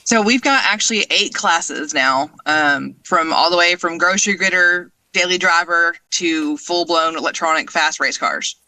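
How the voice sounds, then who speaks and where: A woman guest speaking into her cell phone, describing her car club in a friendly, casual way. Her voice is very bright and sharp. The sound is close and dry. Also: lowish voice, normal speed, hardly any pauses, no room sound, low-quality recording. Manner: friendly, laughs between points. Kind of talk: casual interview answers.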